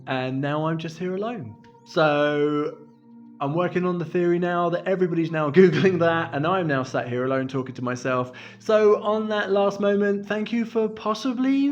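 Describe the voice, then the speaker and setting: Chatty man with muffled sound. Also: high-pitched. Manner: chatty, self-deprecating, laughs often. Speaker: vlogger. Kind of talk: casual chat to camera.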